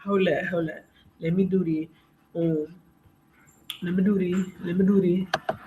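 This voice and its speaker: A woman's voice: lowish voice, steady tone, unhurried, narrow, tinny audio, background noise. A woman hosting a casual live stream from home, chatting with viewers, laughing often and greeting them by name. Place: home room, lights turned down. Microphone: camera mic. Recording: echoey room.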